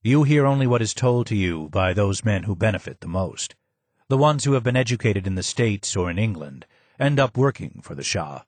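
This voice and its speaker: A man voicing a calm, measured Persian man who speaks low and steadily. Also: no echo.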